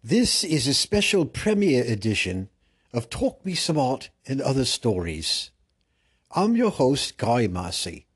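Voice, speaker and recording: A man voicing a pompous male show host with a put-on British accent and a grand, drawn-out announcer delivery. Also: mid-range voice, husky, voice pushed up, exaggerated voice.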